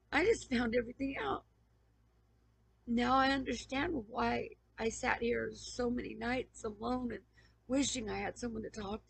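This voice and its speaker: A woman's voice: fairly high pitch, no room sound, low-quality recording. A woman YouTuber in an emotional personal appeal to camera, pleading and stammering with repeated questions, on the verge of tears. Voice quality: raspy, gravelly.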